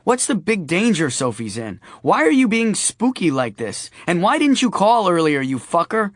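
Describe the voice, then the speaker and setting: A man's voice: high-pitched, very animated, moderate pace, no echo, voice pushed up. A male narrator voicing a brash adult woman who talks bluntly and swears, with a dry close recording. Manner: brusque, teasing and swearing.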